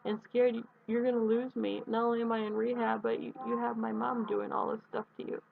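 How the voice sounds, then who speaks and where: A young woman talking in a heartfelt personal video message, earnest and rambling, with halting restarts. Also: fairly high pitch, little pitch movement, creaky. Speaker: vlogger addressing her absent partner. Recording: tinny phone-quality audio with faint hiss.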